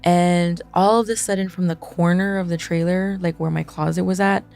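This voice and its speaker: A woman telling a ghost story in a casual, animated way, acting out the quotes and swearing as she goes. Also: on the low side, moderate pace, vocal fry, soft background music. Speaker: guest.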